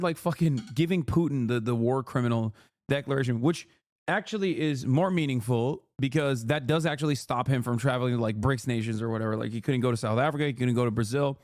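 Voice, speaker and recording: Profane, heated male streamer. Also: medium pitch. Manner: profane, heated, sarcastic, laughs often. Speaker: streamer reacting to videos. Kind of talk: casual reaction commentary.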